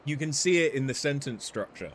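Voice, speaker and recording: A man casually commenting while streaming a game, explaining himself defensively. His pitch swings freely, with a faint hiss behind him. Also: lively intonation, fairly quick, a bit bright. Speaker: gameplay streamer. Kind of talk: casual commentary over gameplay.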